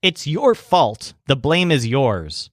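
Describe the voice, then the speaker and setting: A man's voice: mid-range voice, big pitch swings, slow pace, dry recording, studio quality. A man voicing a short-tempered man who fusses over his kitchen and talks bluntly, with exclamations. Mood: accusing.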